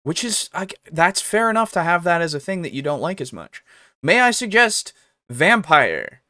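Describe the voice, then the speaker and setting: A man's voice: a little high, animated, brisk, fairly bright tone, dry recording, studio quality. A young man co-hosting a casual tabletop gaming podcast, chatty and enthusiastic, laughing often and talking through fillers. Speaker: podcast co-host. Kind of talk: casual chat.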